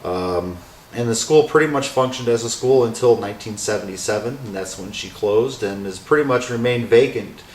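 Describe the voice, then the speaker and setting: Low-voiced man with fillers, roomy echo. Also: moderate pace, slight background noise. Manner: rambling, many fillers. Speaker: owner of a haunted former school. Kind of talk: casual interview answers. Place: inside an old vacant school building. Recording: roomy echo with faint music.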